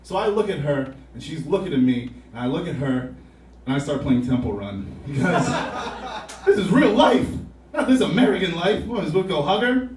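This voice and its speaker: A man's voice: fairly high pitch, very animated, moderate pace. Young guy doing stand-up, rambling and self-mocking, echoey club heard from the back, faint room noise. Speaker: stand-up comedian. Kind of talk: stand-up comedy set. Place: comedy club stage. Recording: roomy club sound from a distance.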